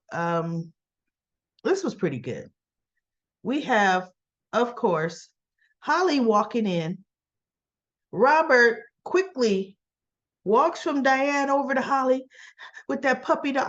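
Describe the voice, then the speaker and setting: Woman soap reviewer, unhurried chatty recap, muffled lo-fi recording. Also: on the high side, very animated, fairly bright tone. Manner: chatty retelling with laughs and fillers. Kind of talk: casual episode recap.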